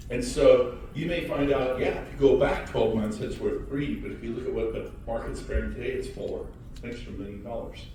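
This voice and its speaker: High-energy man in an echoey hall. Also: moderate pace, slight background noise. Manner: high-energy, shouting and teasing the crowd. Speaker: real estate speaker addressing an audience. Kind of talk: motivational talk to a live audience. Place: large hall with audience. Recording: echoey hall, mic far off.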